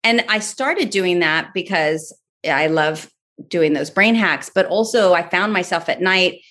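A woman's voice: lowish voice, lively intonation, measured pace, a bit bright. A woman in her forties, a podcast guest, telling a parenting story in casual chat and acting out her own thoughts.

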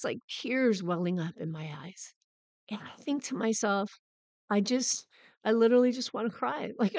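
A woman's voice: lowish voice, no room sound. A middle-aged woman hosting her own podcast, telling a personal story in a candid, conversational way. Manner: candid, conversational, animated when recalling hard moments. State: recovering from a cold. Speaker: podcast host.

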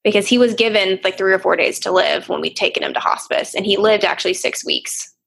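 Earnest young woman with a gravelly, husky voice. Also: mid-range voice, brisk, a bit bright. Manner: earnest, reflective, sometimes emotional. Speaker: therapist guest. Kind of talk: candid interview conversation.

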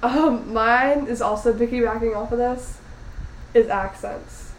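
A woman's voice: on the high side, a little slow, echoey room, a little hiss or hum, poor audio. A young woman co-hosting a podcast, chatting casually with playful, giggly banter and free swearing. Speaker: podcast co-host. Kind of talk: casual chat.

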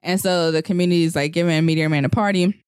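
A man's voice: a little high, fairly even intonation, fast, clean tone, dry recording. Guy retelling a movie on a podcast, rambly, acts out the lines, dry mic. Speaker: podcast co-host. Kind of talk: casual movie recap.

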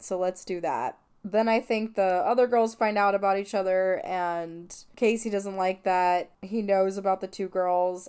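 A woman's voice: mid-range voice, darkish tone, clean tone. A woman hosting a film podcast, retelling a movie scene by scene in an emotional, gushing, chatty way. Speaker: podcast host. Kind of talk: casual film recap.

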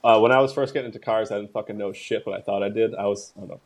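A man's voice: lowish voice, steady tone, rapid-fire. A man co-hosting a podcast in casual chat, laid-back and rambling with some swearing. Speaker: podcast co-host.

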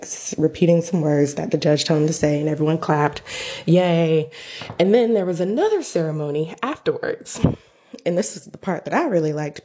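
A woman's voice: deep voice, dark tone, breathy edge. A young American woman telling a personal story to other mothers in a chatty, encouraging way, with lots of fillers. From United States. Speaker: vlogger addressing mothers. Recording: dull, dry lo-fi recording.

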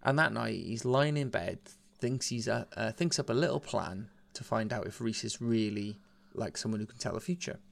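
A man's voice: on the low side, normal speed, creaky. A man casually retelling a legend as a podcast host, swearing and laughing as he goes. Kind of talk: casual storytelling.

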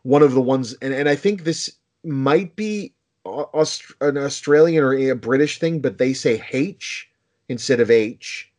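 A man's voice: mid-range voice, normal speed, darkish tone. American guy in his 30s, chatty, lots of restarts, casual talk. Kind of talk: casual chat.

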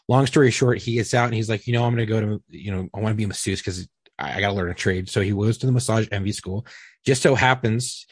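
Husky-voiced man telling a story. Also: fairly low pitch, no room sound. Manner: profane, animated storyteller. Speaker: podcast guest telling a story. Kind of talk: casual storytelling.

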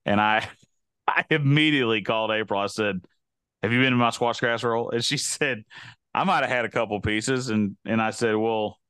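A man with a smooth, resonant voice chats casually as a show co-host, wandering through his stories with lots of restarts and side comments. His voice is recorded dry and close, with no room sound at all. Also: lowish voice, moderate pace, a bit bright, no echo. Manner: rambling, self-interrupting storyteller. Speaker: podcast co-host. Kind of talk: casual chat.

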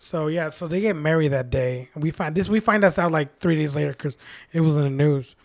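A man's voice: on the high side, fairly quick, vocal fry, no room sound, clean studio sound. A man with a slightly raised voice spins a rambling story from behind the bar. He laughs often and swears freely as he goes. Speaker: podcast guest, bartender. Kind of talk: casual storytelling chat.

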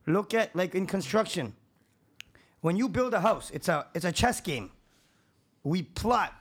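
A man's voice: sits high, animated, a little slow, breathy edge. A man, a contractor and podcast guest, talking in casual chat with a profane, emphatic, preachy manner.

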